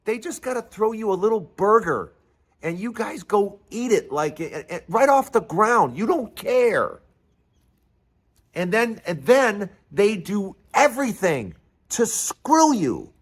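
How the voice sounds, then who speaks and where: Male host, angry and sarcastic rant, lively swooping pitch. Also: slow. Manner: angry, sarcastic, mocking voices. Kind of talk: unscripted political rant.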